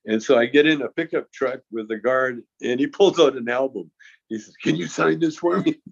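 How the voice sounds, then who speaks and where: A man's voice: medium pitch, moderate pace, creaky, breathy edge. A male guest casually telling a long anecdote, often chuckling and restarting his sentences. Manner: chuckling storyteller who stammers and restarts. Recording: dull lo-fi sound.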